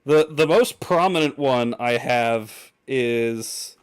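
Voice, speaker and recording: Young man, podcast co-host, casual chat, hesitant restarts, middle pitch. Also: takes it slowly, clean tone. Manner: hesitant, restarts often, laughs easily.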